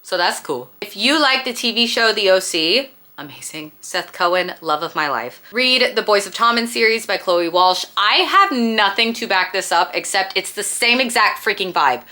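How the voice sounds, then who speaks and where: A woman's voice: medium pitch, expressive, normal speed, hardly any pauses, sharp tone. A woman chatting casually as a book vlogger, gushing and emphatic as she recommends books.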